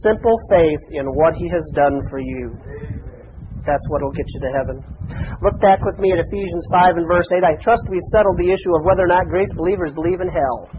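A man's voice: fairly high pitch, a little fast, dull audio, a little hiss or hum. A man preaching a sermon to a congregation in a folksy, conversational way, with chatty asides. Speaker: pastor.

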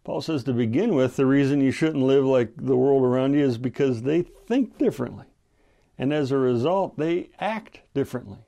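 A man preaching a radio Bible study with a gravelly, mellow voice. He talks in an earnest, measured way, pausing often as he explains scripture. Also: mid-range voice. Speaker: pastor.

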